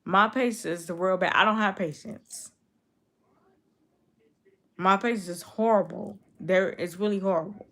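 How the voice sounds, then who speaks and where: A woman's voice: medium pitch, unhurried, pauses often, fairly bright tone. Blunt twenty-year-old woman streamer. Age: 20s. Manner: blunt, repetitive, talks straight back to commenters. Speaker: YouTube streamer. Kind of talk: casual live-stream chat with viewers.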